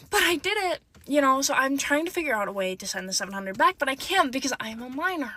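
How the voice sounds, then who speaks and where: A woman talks through a casual storytime while sitting in a car, her voice a touch higher than most. She rambles, leaning on "like" and "you know" as she goes, speaking into a phone. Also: big pitch swings, fast, few pauses, pushed and bright. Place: inside a car.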